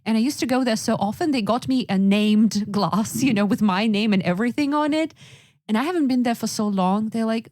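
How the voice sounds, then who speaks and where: A woman's voice: a little high, a little fast, a little mellow, dry recording, studio quality. A woman from Russia co-hosting a podcast in casual chat, chatty and fond of acting out what people said. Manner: chatty, acts out quoted lines. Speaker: podcast co-host.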